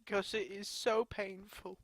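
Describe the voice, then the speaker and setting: A woman crying as she talks to her camera in a grieving personal vlog, her speech halting and broken by sobs and restarts. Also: mid-range voice, level tone, no room sound. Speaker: vlogger.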